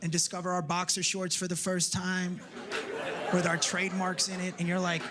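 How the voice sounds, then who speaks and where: A man's voice: high-pitched, completely flat delivery, normal speed, crowd noise. A middle-aged man doing a brash, profane stand-up routine on a club stage, acting out voices as he tells the story. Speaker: stand-up comedian. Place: comedy club stage with laughing audience. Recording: live club recording with audience noise.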